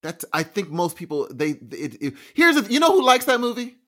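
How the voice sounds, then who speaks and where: A man's voice: sits high, wildly swooping pitch, fairly quick, pushed and bright. Stubborn, giggly podcast man. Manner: stubborn, giggly, trails off mid-sentence. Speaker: podcast co-host. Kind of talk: casual podcast banter.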